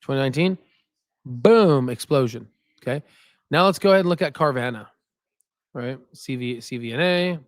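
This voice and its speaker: With a mid-range voice, moderate pace, and frequent pauses, this stock market channel host is recorded dry at studio quality. He chats casually and ramblingly through viewer comments on a livestream, often tagging "right?" on as filler.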